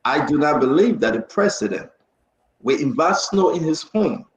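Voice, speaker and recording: A man's voice: fairly high pitch, expressive, moderate pace. A male talk show host, speaking emphatically and insistently. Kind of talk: political talk-show discussion. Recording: echoey, dull lo-fi stream audio.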